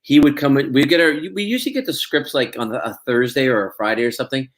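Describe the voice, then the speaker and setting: A man's voice: mid-range voice, quick pace. A man, an actor guest in an interview, chatting casually with plenty of fillers and restarts and frequent laughs. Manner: rambling, many fillers and restarts, laughs often.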